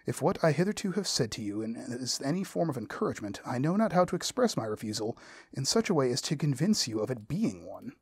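A man's voice: medium pitch, very animated, fast talker, vocal fry, husky, dry recording, full character voice. A man reading as a spirited young woman refusing. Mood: firm. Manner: firm and exasperated refusal.

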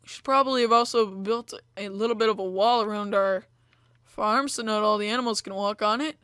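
A woman's voice: mid-range voice, a little fast, fairly bright tone, no echo, clean studio sound. A young woman hosting a gameplay video, chatting casually with lots of fillers as she plays. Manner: chatty, rambling, many fillers like "like" and "you know". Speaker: gaming video host.

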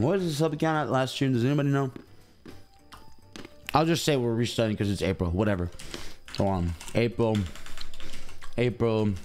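A young adult man streaming, chatting casually and rambling while talking straight to his chat. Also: on the low side. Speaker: game streamer.

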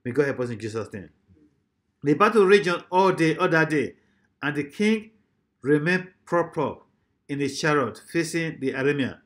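A man preaching a sermon emphatically, often repeating his phrases and swinging between loud and soft. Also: on the high side, lively intonation, normal speed.

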